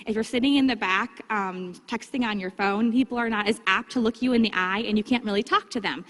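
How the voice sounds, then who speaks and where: A woman giving a casual, upbeat training talk to her sales team, breaking into livelier, higher tones when she acts out chats with customers. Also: a little fast, fairly bright tone. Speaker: direct sales consultant giving vendor training. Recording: long hall reverb.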